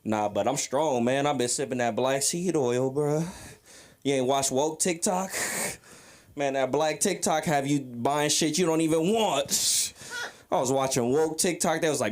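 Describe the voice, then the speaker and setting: On a comedy club stage, an intoxicated comic with a fairly high-pitched voice delivers a rambling, crude open mic set. He talks at an ordinary pace while mocking the audience.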